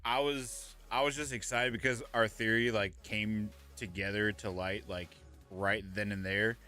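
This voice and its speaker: A man's voice: on the low side, fairly even intonation, measured pace, sharp tone, faint music behind. A young man co-hosting a podcast, retelling events in a rambling, laid-back way. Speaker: podcast co-host. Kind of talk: casual chat.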